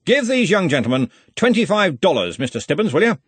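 A booming, jovial old wizard chief, put on by a male audiobook narrator. He barks orders cheerfully, his voice leaping up and down, with a husky edge, close and dry. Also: big pitch swings, brisk, dry recording. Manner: loud, jovial, commanding.

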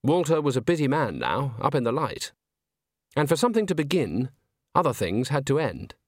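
A man narrating an audiobook in a measured, wry storytelling manner. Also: medium pitch, big pitch swings, no echo, clean studio sound.

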